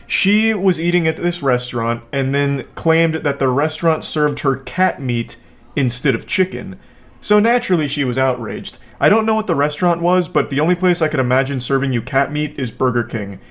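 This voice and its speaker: Male reaction commentator at home, mid-pitched, dry sarcastic jokes and loose rambling delivery. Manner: sarcastic, joking, rambling asides. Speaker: video commentator.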